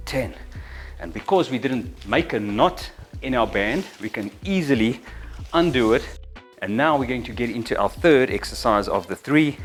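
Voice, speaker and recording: A middle-aged man coaching an exercise routine, counting reps and breathing audibly, a little out of breath during the sets. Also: mid-range voice. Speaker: fitness instructor. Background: faint music.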